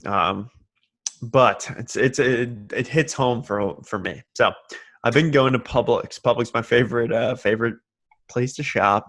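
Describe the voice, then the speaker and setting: A man's voice: medium pitch, measured pace, fairly bright tone. Laid-back rambling young man. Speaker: podcast co-host. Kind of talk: casual chat.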